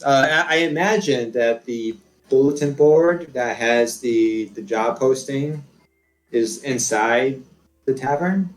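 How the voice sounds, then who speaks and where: A man's voice: medium pitch, slow, faint music behind, poor audio. A man playing a tabletop game, chatty and a bit hesitant. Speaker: player.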